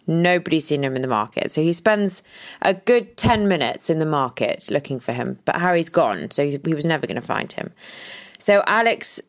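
Woman, podcast co-host, low voice, animated storytelling, restarts often. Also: normal speed. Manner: animated, dramatic retelling with restarts. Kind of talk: casual storytelling chat.

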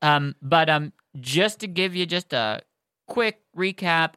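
A podcast co-host chatting excitedly about a book series and reading it aloud, with lots of "like" and fillers. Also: mid-range voice, takes it slowly, smooth, dry recording, clean studio sound. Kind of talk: excited casual chat and read-aloud.

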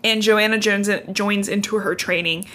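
A young woman co-hosting a podcast, recapping a book in casual chat, full of "like" and quick laughs. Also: mid-range voice, fairly even intonation, bright, forceful tone. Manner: chatty recap filled with "like", laughing often. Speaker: podcast co-host.

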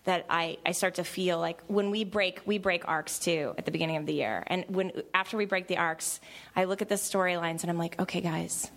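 A woman's voice: fairly low pitch, steady tone, fairly quick, vocal fry, fairly bright tone. Chatty woman, emotional panel guest. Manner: chatty and emotional, many restarts and fillers. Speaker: panel guest, TV show creator. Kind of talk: panel discussion.

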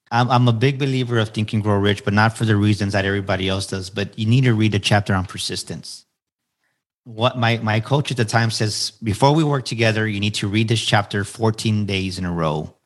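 A man in his forties, a podcast guest, telling his story in an earnest, motivational way and repeating phrases for emphasis. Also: lowish voice. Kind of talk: candid storytelling interview answers.

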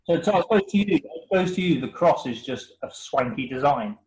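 A man's voice: a little high, expressive, brisk, a little mellow, poor audio. A man with a West Country English accent, co-hosting a casual podcast chat, teasing and laughing often. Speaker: podcast co-host.

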